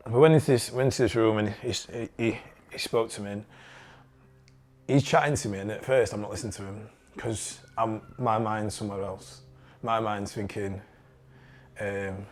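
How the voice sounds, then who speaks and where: A young man with a Yorkshire accent telling a personal story in a candid, halting way and swearing freely. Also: lowish voice, fairly even intonation, a little mellow, faint music behind.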